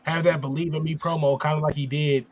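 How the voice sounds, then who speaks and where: A man's voice: fairly high pitch, little pitch movement, fast, darkish tone, highs cut off. A man hosting a casual wrestling podcast, talking emphatically and ranting with rising volume. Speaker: podcast host.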